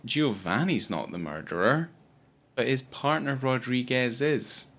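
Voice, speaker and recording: A man's voice: medium pitch, animated, a little slow, fairly bright tone. A man in his late thirties co-hosting a podcast, blunt and emphatic in casual talk about films, swearing freely. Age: late 30s. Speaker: podcast co-host. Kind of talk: casual film discussion.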